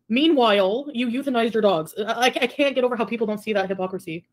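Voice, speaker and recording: A woman's voice: on the high side, fast. A young adult woman chatting on a stream, reading out comments from viewers. She tosses in dry, sarcastic asides between them. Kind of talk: casual livestream chat.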